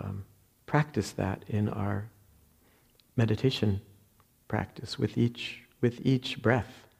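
Slow, gravelly-voiced man with a New Jersey accent. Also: on the low side, warm tone. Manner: halting, reflective, many fillers and restarts. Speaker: Zen meditation teacher. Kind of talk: dharma talk.

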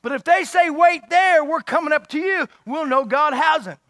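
A man voicing a daring young warrior prince who talks in a bold, loud and excited way. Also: extremely high pitch, moderate pace, pitched above the performer's own voice.

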